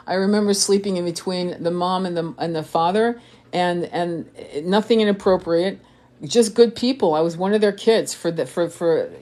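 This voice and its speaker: Rambling profane woman with a lowish voice. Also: a little mellow. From France. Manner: rambling, profane, laughs often, many restarts. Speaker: tarot reader and spiritual coach. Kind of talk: casual live-stream chat reading comments.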